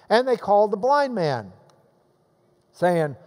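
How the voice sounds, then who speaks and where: Male pastor, high voice, animated sermon delivery, acts out quotes, big reverberant hall. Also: a little slow, long pauses.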